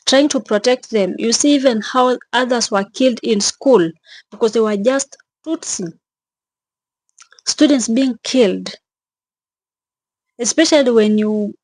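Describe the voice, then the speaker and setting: A young woman vlogging with emotion, speaking in a halting way, repeating herself and sounding tearful and shaken. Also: a little high, dry recording. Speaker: travel vlogger. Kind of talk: emotional vlog narration.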